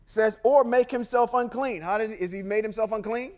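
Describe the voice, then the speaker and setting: A man's voice: high voice, normal speed, darkish tone. A man hosting a podcast, reading scripture aloud and breaking into emphatic, confrontational commentary with slangy asides. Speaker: podcast host.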